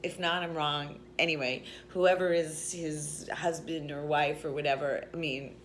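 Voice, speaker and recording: A woman's voice: deep voice, steady tone, measured pace, slight background noise. A woman vlogger telling a story in a casual, rambling way, with lots of restarts and "like"s. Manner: rambling, chatty, with many restarts and "like"s.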